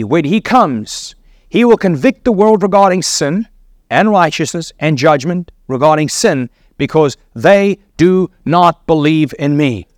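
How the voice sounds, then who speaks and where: Earnest preacher man, higher voice, dry sound. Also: no echo. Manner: earnest teaching with rhetorical questions and occasional laughs. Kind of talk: sermon.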